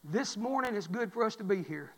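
A man preaching as pastor in a church, repeating lines and building to loud, shouted climaxes. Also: sits high, expressive, brisk. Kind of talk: sermon. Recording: long reverb of a church hall.

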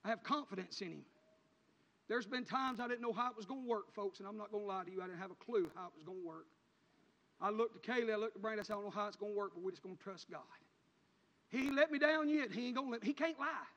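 A man preaching a sermon in a church, swelling into loud, fervent preaching with country turns of speech. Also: high-pitched, quick pace. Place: church sanctuary. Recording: hall reverb, dull lo-fi sound.

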